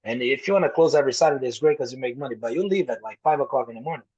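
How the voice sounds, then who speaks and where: Racing through his casual stories, this Brazilian-accented podcast guest, a young adult native Portuguese speaker, voices the quoted characters and curses freely. His mid-range voice is a little mellow with a breathy edge, and the recording has its highs cut off.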